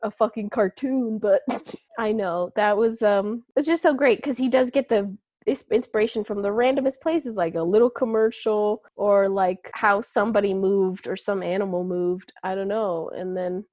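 A woman's voice: medium pitch, normal speed, a little mellow, dry recording. A young woman co-hosting a casual chat, talking chattily with lots of fillers and frequent laughs.

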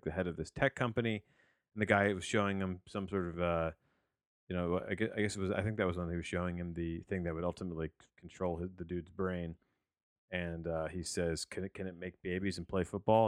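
Deep-voiced man rambling through a movie review. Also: no room sound, studio quality. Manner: rambling, many restarts and fillers, wry asides. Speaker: podcast host reviewing a movie.

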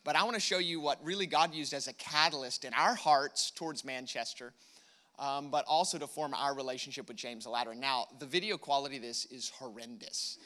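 A man's voice: mid-range voice, fairly quick, bright, forceful tone. A man introducing a video to a church audience, casual and joking about it. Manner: casual, self-deprecating, joking.

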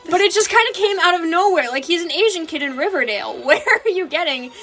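A young woman with a high voice talks in a casual chat, animated and quick to laugh, now and then putting on mock voices. Faint music plays behind her.

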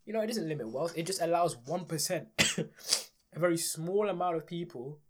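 Ranting man, wildly swinging pitch. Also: normal speed, very noisy. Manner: ranting, sarcastic, emphatic with big swings in pitch and loudness. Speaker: podcast host. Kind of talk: opinionated solo political podcast.

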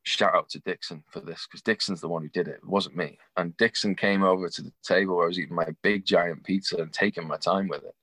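A young man telling a rambling, animated anecdote with laughs, acting out the voices of the people in it. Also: deep voice, fast talker, few pauses, no echo. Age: young adult. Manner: acts out quoted voices. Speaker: guest. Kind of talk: casual storytelling.

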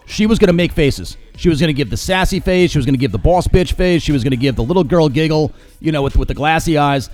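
A man hosts his own podcast, talking fast and mocking everyone in a sarcastic rant. His voice sits a bit high for a man. Soft background music plays beneath him. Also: expressive. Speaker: podcast host. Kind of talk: opinionated solo commentary.

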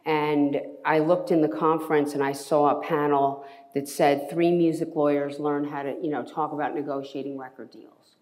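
Woman, interview guest, animated storyteller, casual and blunt, acts out voices. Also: sits low, moderate pace. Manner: lively, animated storyteller acting out quotes; casual, swears freely. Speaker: entertainment lawyer.

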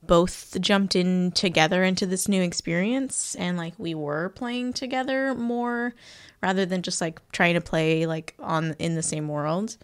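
A woman's voice: lowish voice, unhurried, clean tone, dry recording. A woman chatting casually about a video game, hesitant, with many fillers. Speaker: co-host. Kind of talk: casual gaming chat.

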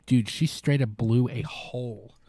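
On this podcast, a male co-host retells a movie casually, wandering off track with plenty of fillers and false starts. His mid-range voice is dark, steady, and a bit slow, with no echo in the room.

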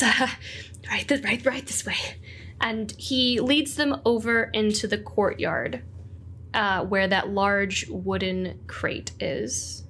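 A woman's voice: fairly high pitch, a bit bright. A woman narrating a tabletop game as game master, rambling with many fillers.

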